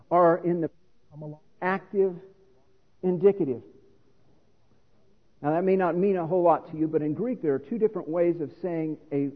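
Husky high-voiced man preaching. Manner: teaching, explanatory, earnest. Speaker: pastor. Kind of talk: sermon. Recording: reverberant hall on a phone-like line.

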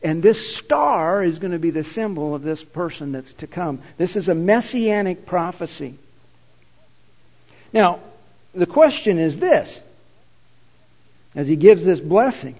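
A man preaching, retelling a scripture story in a lively, conversational manner, his voice sitting a little high. The sound rings in a long hall reverb and comes through dull and lo-fi. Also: a little slow, long pauses, slightly rough. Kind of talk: sermon.

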